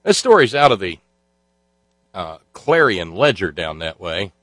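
A man's voice: deep voice, big pitch swings, measured pace, fairly bright tone, no room sound, poor audio. A man hosting a talk show, delivering sarcastic political commentary in a rambling way full of filler sounds. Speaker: radio talk show host.

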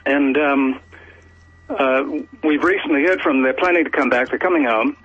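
Aussie guy calling into radio, halting, lots of ums, husky, dull lo-fi sound. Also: mid-range voice, fairly bright tone, no echo. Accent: Australian. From Australia. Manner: hesitant, halting, many fillers. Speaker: caller. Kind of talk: phoned-in radio chat. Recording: lo-fi radio broadcast.

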